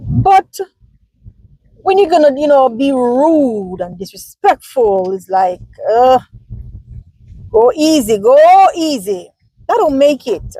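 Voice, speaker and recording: A woman's voice: high voice, expressive, takes it slowly, mellow, no echo, low-quality recording. A woman from Jamaica with a Jamaican accent, talking casually and animatedly to her viewers as a vlogger, answering their comments.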